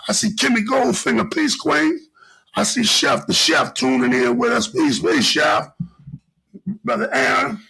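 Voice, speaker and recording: A middle-aged man hosts a podcast, riffing in an animated, preachy way and circling back over his points. His voice is high, very gravelly and husky, with a bright, forceful edge, and it swings widely in pitch. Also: a little slow, low-quality recording. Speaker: podcast host. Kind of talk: casual podcast monologue.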